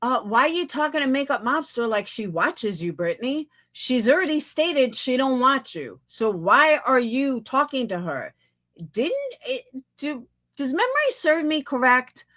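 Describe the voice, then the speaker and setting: A woman's voice: high-pitched, big pitch swings, unhurried, fairly bright tone. A woman hosting a livestream, talking back in a blunt, sarcastic and profane way. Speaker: livestream host. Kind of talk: casual livestream commentary.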